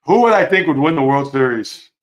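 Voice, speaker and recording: Animated male sports stream host. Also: a little high, brisk. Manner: animated, opinionated, reacts to chat comments. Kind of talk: live-stream sports talk reading chat.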